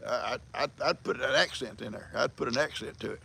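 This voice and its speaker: A man's voice: mid-range voice, a little fast, creaky, pushed and bright, husky. An older man with a country accent, hosting a livestream in folksy, rambling casual chat and reading viewer comments. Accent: American country. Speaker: livestream host.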